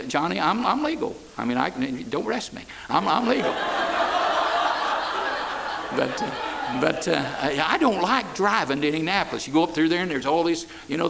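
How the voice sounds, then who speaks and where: A man's voice: a little high, creaky, background noise. A man preaching a sermon, in a folksy style with repeated "amen" and stammered restarts. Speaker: pastor. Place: church.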